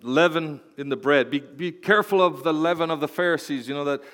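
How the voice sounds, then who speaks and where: A man preaching a sermon as pastor, playful and animated, swinging from quiet asides to loud exclamations. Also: on the high side, brisk. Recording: long hall reverb.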